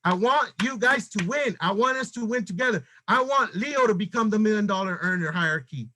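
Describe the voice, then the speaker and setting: A middle-aged man leading a sales team, giving an urgent motivational pep talk full of rapid rhetorical questions. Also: high voice, lively intonation, sharp tone.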